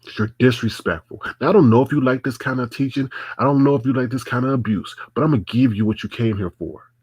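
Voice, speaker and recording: A man's voice: mid-range voice, fast, darkish tone, breathy edge, no echo. A man hosting a livestream, scolding a viewer in a confrontational, repetitive rant. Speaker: livestream host.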